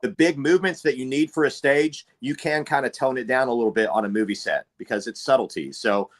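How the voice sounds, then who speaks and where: A man's voice: mid-range voice, fairly quick. A man hosting a casual chat, talking in an upbeat, encouraging way. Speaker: host, actor.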